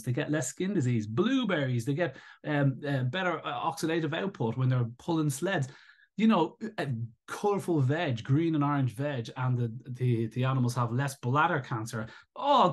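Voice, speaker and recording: A man giving live commentary as he reads through an article, rebutting it in an animated, sarcastic and indignant way. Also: mid-range voice. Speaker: raw-feeding advocate commentator.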